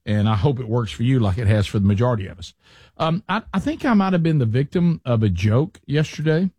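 Male talk radio host, casual, self-deprecating, mid pitch, dry studio sound. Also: lively intonation, brisk, dark tone, husky, no echo. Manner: rambling, self-deprecating storyteller with many restarts.

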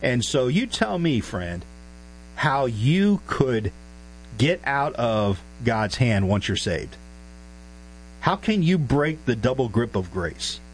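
A man's voice: medium pitch, very animated, takes it slowly, a little hiss or hum, poor audio. A man preaching an expository Bible lesson, emphatic and throwing rhetorical questions at the listeners.

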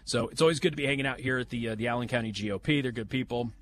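A man's voice: mid-range voice, very fast, a bit bright, a little hiss or hum. Folksy, opinionated male talk radio host. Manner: folksy, opinionated, with sarcastic asides. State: has the hiccups. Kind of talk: live talk radio monologue. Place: live remote broadcast from a banquet venue.

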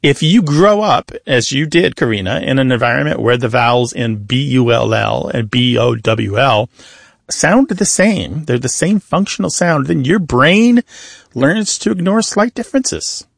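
Animated man explaining on radio. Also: medium pitch, unhurried, gravelly, no room sound, studio quality. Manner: animated, explains patiently with examples. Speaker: radio show co-host, linguist. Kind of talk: explanatory call-in radio chat.

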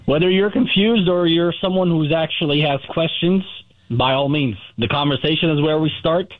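A man, a guest on a morning radio show, explaining finance with analogies and halting restarts. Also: fairly high pitch, phone-quality sound. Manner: explanatory, uses analogies, hesitant starts. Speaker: gold dealer guest. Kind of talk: radio interview segment.

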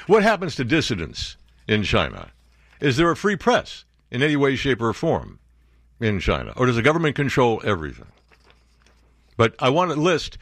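A man's voice: medium pitch, a bit bright, dry recording, studio quality. An older man from New York hosting a talk radio show, delivering sarcastic, mocking, opinionated commentary.

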